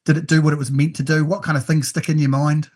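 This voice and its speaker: A man's voice: fairly high pitch, little pitch movement, quick pace, darkish tone. A man with a New Zealand accent hosting a podcast, chatting casually and leading the questions. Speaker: podcast host. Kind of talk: casual chat.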